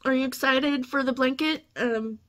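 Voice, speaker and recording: A woman's voice: high-pitched, steady tone, moderate pace, a bit bright. A woman hosting a casual unboxing vlog, gushing and emotional, teary and laughing often as she talks. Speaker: channel host.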